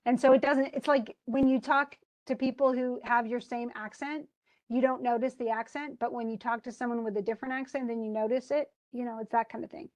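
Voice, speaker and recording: Woman, instructor, fairly high-pitched, chatty, patient, casual tutoring. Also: steady tone, fairly quick, darkish tone. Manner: chatty, explains with spoken examples, laughs easily. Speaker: English instructor.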